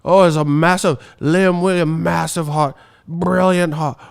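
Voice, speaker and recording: A man's voice: a little high, fairly even intonation, measured pace, vocal fry, clear, resonant tone, voice pushed up. A man putting on a mocking voice of a British boxing fan, with an exaggerated put-on British accent and sing-song delivery.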